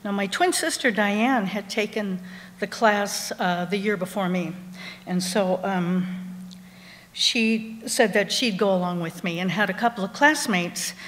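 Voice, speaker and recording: Woman from Montana, live storyteller, measured narration, long hall reverb. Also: medium pitch, a bit bright, slight background noise. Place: theater stage before a live audience.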